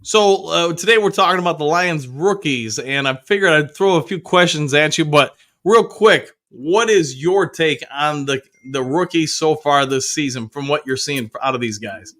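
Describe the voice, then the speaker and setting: Upbeat, bright-voiced male live-show host. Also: fairly high pitch, moderate pace, hardly any pauses. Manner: chatty, upbeat, reads viewer comments aloud with whoops. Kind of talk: casual live-stream chat reading comments.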